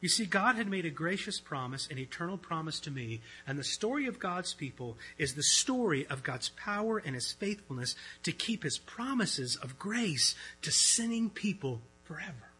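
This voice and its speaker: Bright, husky-voiced man preaching. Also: fairly high pitch, very animated, moderate pace, few pauses, rough recording. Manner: earnest, conversational preaching with swings between loud and hushed. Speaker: pastor. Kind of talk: sermon. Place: church.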